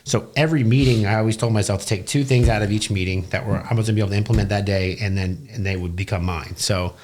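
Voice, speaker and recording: Young man, rapid blunt storyteller with a low voice; salty, animated podcast guest. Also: slight background noise. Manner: blunt and profane, animated retelling. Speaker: business owner guest. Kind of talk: casual storytelling interview.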